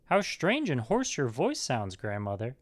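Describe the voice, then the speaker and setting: A man's voice: medium pitch, huge pitch swings, measured pace. A man voicing an innocent, polite little girl in a storybook reading, with a raised, sweet lilting voice.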